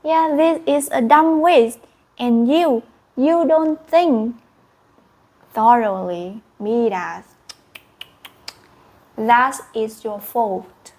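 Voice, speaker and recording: Casting: woman doing a stern god, scolding, measured and slow. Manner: scolding, lower and softer.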